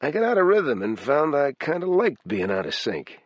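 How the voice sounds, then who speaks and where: A man's voice: a little high, big pitch swings, normal speed, dry recording, highs cut off, voice pushed up. A man voicing a wisecracking, easygoing man in his mid-forties in an audiobook. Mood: joking. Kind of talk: audiobook character voice.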